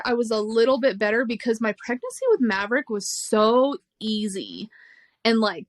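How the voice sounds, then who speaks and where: A woman's voice: on the high side, no room sound. A young woman, a podcast guest, telling a personal story in a frank, emotional way, swearing freely and laughing between hard moments. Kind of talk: candid conversational storytelling.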